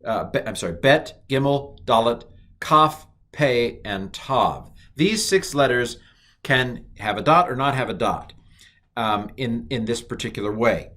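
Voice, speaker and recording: A man teaching a recorded language lesson, chatty, reciting letters slowly and cracking mild jokes. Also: medium pitch, expressive, pushed and bright.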